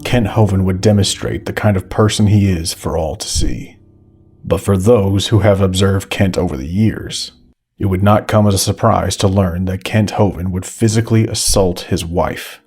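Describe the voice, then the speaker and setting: A man reading scripted documentary narration in a measured, critical tone with deliberate pauses. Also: sits low, a little mellow, slightly rough, faint music behind. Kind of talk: scripted video-essay narration.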